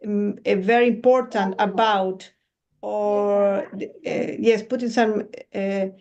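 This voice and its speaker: A woman's voice: medium pitch, fairly even intonation, slow pace, darkish tone, highs cut off. A woman student in a class, answering hesitantly and thinking aloud.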